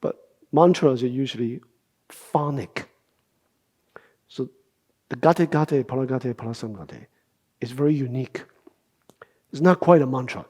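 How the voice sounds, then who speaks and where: A middle-aged man giving a Buddhist dharma talk as a meditation teacher. He explains things at an unhurried pace, asking rhetorical questions and often adding "right?". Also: medium pitch, darkish tone, slightly rough.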